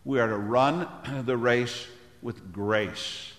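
Older guy preaching, big loud voice, keeps clearing his throat, long church-hall echo. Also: medium pitch, takes it slowly. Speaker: pastor. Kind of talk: sermon.

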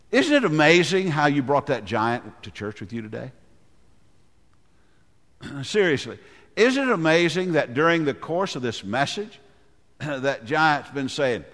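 A male pastor preaching a dramatic sermon, often clearing his throat and dropping low when he speaks as the giant. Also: sing-song, slow pace, pauses often, fairly bright tone. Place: church sanctuary. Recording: long hall reverb.

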